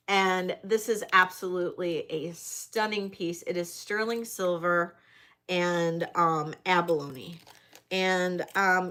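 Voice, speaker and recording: A woman's voice: on the low side, fairly bright tone. A woman hosting a live jewelry sale, describing pieces in detail and chatting effusively with viewers. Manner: describes items slowly in detail. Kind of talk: livestream sales chat.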